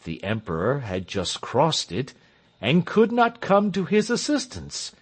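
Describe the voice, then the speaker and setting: A village pastor relays grave news in a measured, serious manner, as a man reading aloud voices him. He speaks slowly, though his pitch still moves widely. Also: huge pitch swings, full character voice.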